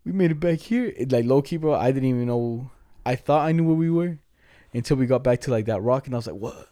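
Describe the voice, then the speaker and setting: A man's voice: medium pitch, fast talker, mellow, dry recording, clean studio sound. Slangy young man telling stories. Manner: slangy, profane, laughing storyteller. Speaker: storyteller among friends. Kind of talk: casual chat.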